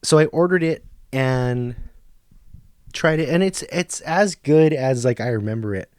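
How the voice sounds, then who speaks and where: A man in his thirties hosting a podcast, delivering a profane comic monologue that swings from hushed nature-documentary whispers to loud rants. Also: medium pitch, measured pace, clean tone, dry recording, studio quality. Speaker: podcast host. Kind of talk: comedic monologue.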